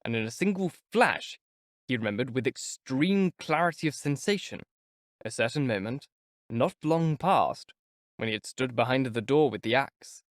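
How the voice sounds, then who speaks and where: A man reading a classic novel aloud as audiobook narrator, measured and expressive. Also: mid-range voice, no echo, studio quality. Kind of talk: scripted narration.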